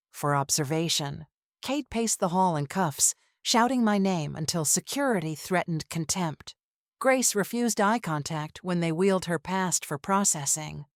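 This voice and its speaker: Slow, low-voiced woman storyteller. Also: animated, no echo, studio quality. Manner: measured, clipped dramatic phrasing. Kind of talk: scripted dramatic narration.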